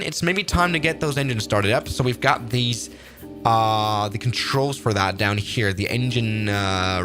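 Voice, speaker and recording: A man streaming a flight simulator, narrating each step in a casual, rambling and upbeat way. His pitch swings widely as he thinks aloud, and music plays clearly behind him. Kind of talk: casual live-stream gameplay commentary.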